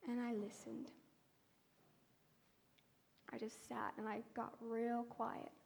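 A woman preacher with a slightly high voice tells a personal testimony from the pulpit. Her delivery is earnest and conversational, full of small fillers and restarts. She sounds like she is talking with the congregation, not reading to them. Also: level tone, slow, vocal fry, a little mellow, a little hiss or hum.

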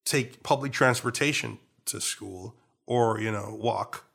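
A young man from Trinidad and Tobago, a guest in a casual interview, talking in a relaxed, jokey way with an accent that moves between American and Trinidadian. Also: on the low side, measured pace, vocal fry, slightly rough. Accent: American, switching to Trinidadian partway.

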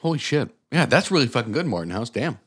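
A man's voice: medium pitch, big pitch swings, quick pace, fairly bright tone, breathy edge. A man co-hosting a podcast, chatting casually, swearing and teasing his co-host. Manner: profane, teasing. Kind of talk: casual chat.

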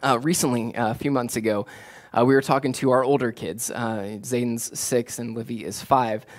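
A man, preaching a sermon in a conversational way, repeating key phrases and growing animated when he tells stories. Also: mid-range voice, moderate pace. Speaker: pastor.

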